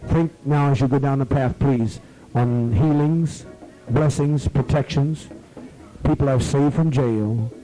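A man leading a gathering, who rambles, swears freely and gives orders, sometimes slowing into a drawn-out, soothing tone. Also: medium pitch, dark tone, soft background music, poor audio. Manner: profane, commanding, rambling; slows to a drawn-out, soothing tone at times. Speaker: community leader addressing members.

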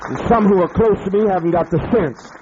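A man, a pastor, berating his congregation in a profane rant, swinging from shouting to muttering. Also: high-pitched, brisk, dull audio, noisy background. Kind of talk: ranting address to his congregation.

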